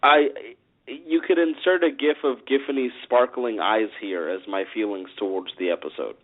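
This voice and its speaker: A man co-hosting a casual radio podcast, joking and animated as he talks. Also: medium pitch, moderate pace. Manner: animated, jokey, fond of mimicking lines. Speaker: podcast co-host. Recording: tinny phone-line sound.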